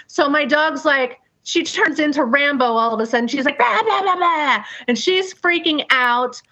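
An animated middle-aged woman recounting a story in casual, profane talk, acting out bangs and voices as she goes. Her voice sits a bit high for a woman. The recording is dull and lo-fi. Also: moderate pace. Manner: animated, acts out sounds and quotes, swears freely. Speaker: guest telling a personal story. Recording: dull lo-fi sound.

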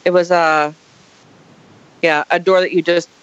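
Animated woman telling a story. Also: lowish voice, measured pace, clear, resonant tone, lo-fi sound. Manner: animated, dramatic retelling. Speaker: guest storyteller. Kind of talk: casual storytelling.

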